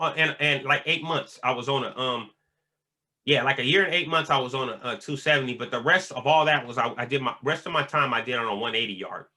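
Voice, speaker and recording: With a slightly high, sharp-toned voice, this man casually tells stories about prison life. He's a vlogger who speaks loosely, leaning on slang and plenty of fillers.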